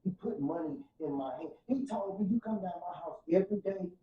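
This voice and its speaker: St guy preaching his story on a podcast, goes quiet then loud, kinda far off in an echoey room. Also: high-pitched, lively intonation, fairly quick. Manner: fervent, preacher-like, swings from soft to loud. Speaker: podcast guest. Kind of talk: emotional testimony in casual podcast talk. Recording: roomy, distant, dull sound.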